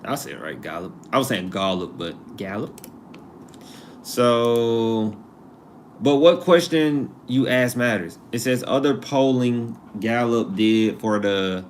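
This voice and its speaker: In casual live-stream talk, a man with a medium-pitched voice speaks loosely and conversationally. He tends to drift from the topic and repeat himself for emphasis, and a little hiss or hum sits under the audio.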